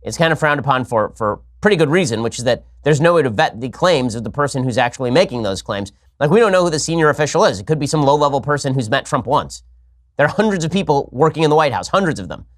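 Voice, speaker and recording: A man hosting a political commentary show, talking in a rapid, sarcastic, argumentative way. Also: medium pitch, lively intonation. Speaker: host.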